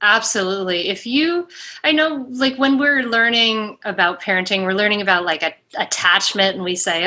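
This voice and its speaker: A woman's voice: on the high side, animated, moderate pace, sharp tone. A woman guest explaining mindful parenting in a casual interview, chatty and full of fillers, giving examples as she talks.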